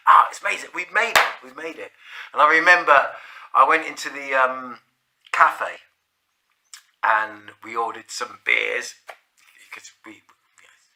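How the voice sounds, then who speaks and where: Bloke telling a story, loose and rambly, lots of swearing and restarts. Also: male voice, mid-range voice, sharp tone. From South London. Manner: rambling, sweary, full of restarts and "like, you know". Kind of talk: casual spoken storytelling.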